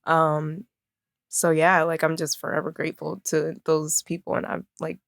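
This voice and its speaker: Young woman guest chatting on a podcast, lots of likes and ums, kinda low voice, dry sound. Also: level tone, moderate pace, gravelly, no room sound. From Maryland, US. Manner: chatty, many fillers like "like" and "um". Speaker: interview guest, fashion designer. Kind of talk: casual conversation.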